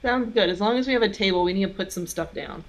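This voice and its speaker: A woman's voice: medium pitch, quick pace. A woman playing in a tabletop game, talking casually as she describes what her character does. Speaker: player.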